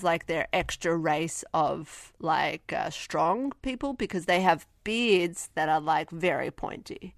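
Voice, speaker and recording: A woman's voice: lowish voice, fairly bright tone, dry recording, clean studio sound. A woman co-hosting a casual movie review podcast, sarcastic and swearing, acting out characters in silly voices. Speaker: podcast co-host.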